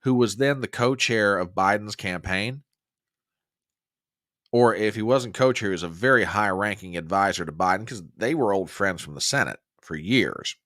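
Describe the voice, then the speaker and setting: A man's voice: fairly low pitch, moderate pace, dry recording, clean studio sound. A man hosting a conservative political show, giving emphatic, opinionated commentary and often restarting his sentences. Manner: emphatic and animated, with frequent restarts. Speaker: host of a conservative political podcast.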